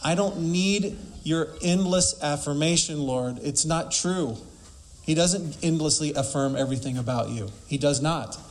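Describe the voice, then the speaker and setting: Emphatic higher-voiced male preacher. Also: measured pace. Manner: emphatic, with rhetorical questions and scripture quotes. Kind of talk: sermon.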